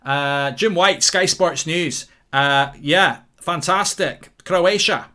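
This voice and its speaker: Excitable English man hosting football watchalong. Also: fairly high pitch, slow. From England. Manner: excitable, rambling, reads viewer comments aloud. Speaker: host. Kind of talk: live football watchalong commentary.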